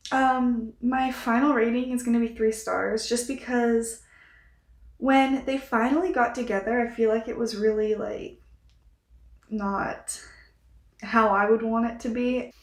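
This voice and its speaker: A seventeen-year-old girl chatting casually in a reading vlog, rambling with lots of fillers and restarts. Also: a little high. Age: teens. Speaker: book vlogger.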